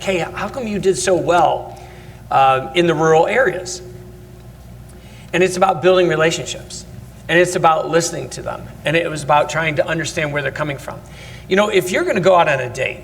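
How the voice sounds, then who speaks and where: A man's voice: fairly high pitch, vocal fry, fairly bright tone, a little hiss or hum. A man who is a state representative speaking on a panel, earnest, explaining his points through analogies and repetition. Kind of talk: panel discussion. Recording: long reverb in a large hall.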